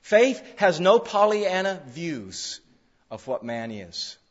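A man's voice: high-pitched, very animated, takes it slowly. A man preaching an expository sermon, emphatic, repeating phrases for stress. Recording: dull lo-fi sound in a reverberant hall.

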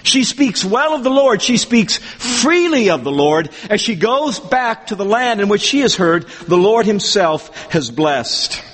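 A high-pitched man preaching a sermon. He talks in a measured, emphatic way and reads scripture aloud. His voice rings out in a large hall with a long reverb. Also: big pitch swings, a bit bright, husky. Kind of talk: expository sermon.

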